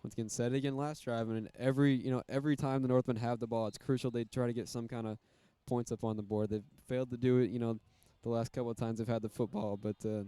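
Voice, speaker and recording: A man calling a high school football game, casual and rambling, with many fillers. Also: flat delivery, fast talker, few pauses, mellow, smooth, dry recording. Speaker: play-by-play commentator.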